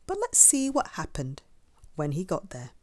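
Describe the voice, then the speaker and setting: A woman reading a children's picture book aloud, expressive and stopping to ask the listener questions. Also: on the low side, moderate pace, no room sound. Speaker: storyteller. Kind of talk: children's story read-aloud.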